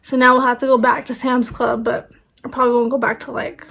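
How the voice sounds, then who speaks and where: A woman's voice: fairly high pitch, level tone, a little fast, gravelly, fairly bright tone. A woman in her thirties, a family vlogger, chatting casually and rambling with fillers, tired and her voice fading. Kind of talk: casual vlog chat.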